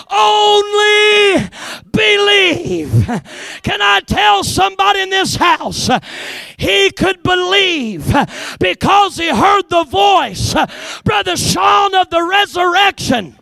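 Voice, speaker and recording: A hoarse male preacher shouts his sermon in a very high, gravelly voice. He drives each phrase slowly with call-and-response urging, sounding sharp and tense. The recording is dry and close. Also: big pitch swings, dry recording. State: hoarse from a recent respiratory infection.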